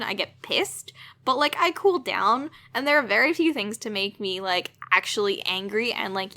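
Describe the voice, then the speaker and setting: A young woman co-hosting a casual podcast, ranting with lots of swearing and laughter. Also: a little high. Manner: swearing, laughing, animated rant. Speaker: podcast co-host.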